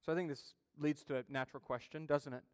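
A male pastor preaches with emphasis, his fairly high voice smooth and resonant. He builds intensity as he retells a story. The sound is dry and close. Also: fairly even intonation, fast talker, no echo, big-room sound. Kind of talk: sermon.

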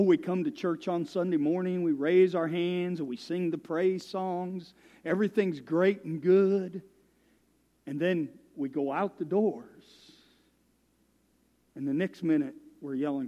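A man's voice: high-pitched, darkish tone, big-room sound. A man preaching as a guest speaker, folksy and self-deprecating, telling stories. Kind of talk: sermon. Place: church.

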